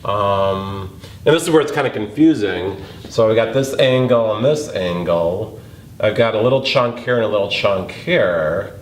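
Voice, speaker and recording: A man's voice: mid-range voice, expressive, a little slow. A man teaching a geometry proof lesson, thinking aloud as he works and stressing key words. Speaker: math teacher. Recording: echoey room, faint noise.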